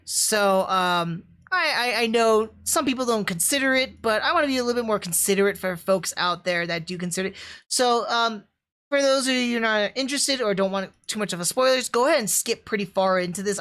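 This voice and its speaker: Young woman streamer, casual excited review chatter, mid-pitched, lots of fillers.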